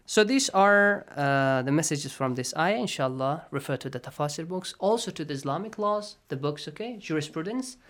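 A man's voice: a little high, lively intonation, moderate pace, hardly any pauses, a bit bright. A man teaching a classroom tajweed lesson, patiently checking that students follow, often asking "okay?" and dropping into near-whispered asides between recited phrases.

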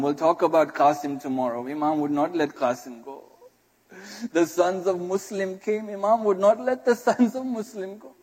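Man, preacher, mourning sermon, crying chant, slow delivery, long hall echo. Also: high-pitched. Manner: emotional, breaks into crying chant.

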